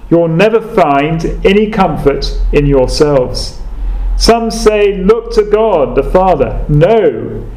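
A man voicing a rustic lay preacher with a broad Essex accent, pleading slowly and emphatically. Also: high-pitched, darkish tone. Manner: slow, emphatic, repetitive pleading. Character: rustic male lay preacher exhorting loudly. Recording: echoey room.

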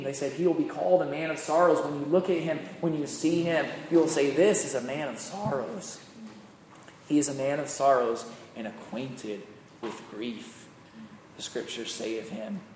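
A man preaching a sermon, swinging from loud, emphatic peaks to hushed, slow phrases. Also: mid-range voice. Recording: echoey hall with long reverb, faint noise.

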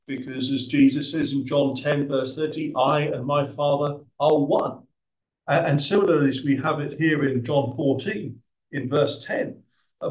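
A man preaching a sermon, measured and emphatic, with frequent hesitant fillers. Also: on the high side, a little mellow. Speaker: visiting preacher. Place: church in central London. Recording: roomy, distant church recording.

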